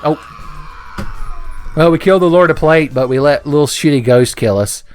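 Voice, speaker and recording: A man's voice: on the high side, fairly quick, clean tone, no room sound, faint music behind. A man giving casual gameplay commentary, joking, swearing and laughing often. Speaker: let's play commentator.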